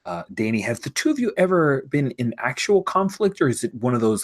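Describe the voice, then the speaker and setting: A man running a tabletop role-playing game, explaining the setting in an animated way and sometimes dropping to a hushed whisper. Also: medium pitch, brisk, few pauses. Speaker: game master.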